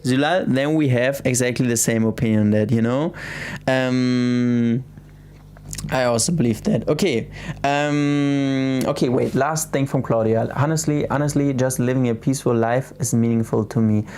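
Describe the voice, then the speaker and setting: Young German-accented male streamer, casual late-night chat, soft and hesitant delivery, medium pitch. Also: moderate pace, slight background noise. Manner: soft-spoken, hesitant, many restarts and fillers. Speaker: livestream host.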